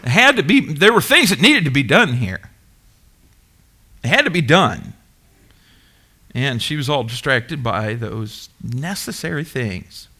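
Animated, bright-voiced male preacher. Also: medium pitch, measured pace, pauses often, breathy edge. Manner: animated, emphatic preaching with call-and-response questions. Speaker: pastor. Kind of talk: sermon.

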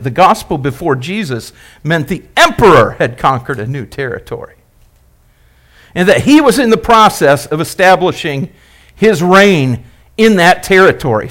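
A male pastor preaching a sermon, emphatic and repetitive, asking the congregation questions and building phrases up, then dropping them low. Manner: repeats and builds phrases, rising and dropping loudness.

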